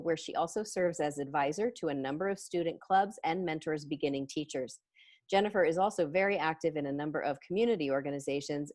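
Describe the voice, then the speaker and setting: A woman's voice: low-pitched, darkish tone. A woman hosting a podcast interview, reading a prepared introduction and then asking questions in a friendly, chatty way. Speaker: podcast host.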